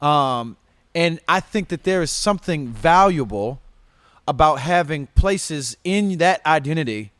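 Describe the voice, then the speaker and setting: A man in his thirties co-hosting a livestream, earnest and thoughtful when he explains, excitable in banter. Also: a little high, no echo. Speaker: podcast co-host. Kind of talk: casual livestream chat.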